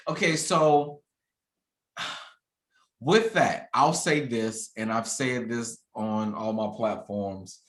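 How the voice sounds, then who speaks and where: A man's voice: mid-range voice, extremely slow, pauses often, a bit bright, reverberant, rough recording. A man in his thirties hosting a casual conversation, talking candidly and reflectively and often restarting his sentences. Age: 30s. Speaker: podcast host.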